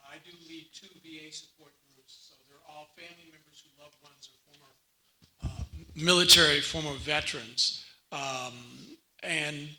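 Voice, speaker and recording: A man's voice: a little high, poor audio. A man who leads support groups, speaking at a community health seminar and telling stories with acted-out quotes. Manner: animated storyteller, acts out quotes. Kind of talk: seminar talk.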